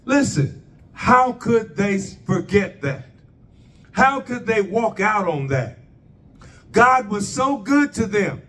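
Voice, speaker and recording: A man preaching a sermon in a high, unhurried voice, asking rhetorical questions of the congregation. He sounds set back from the microphone. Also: expressive, pushed and bright, recorded from a distance, a little hiss or hum.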